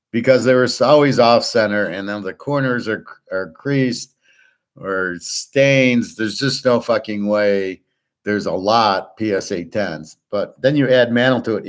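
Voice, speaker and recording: A man delivering a blunt, profane monologue about markets, restarting and trailing off often. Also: medium pitch. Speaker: sports betting and markets commentator. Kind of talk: ranting monologue.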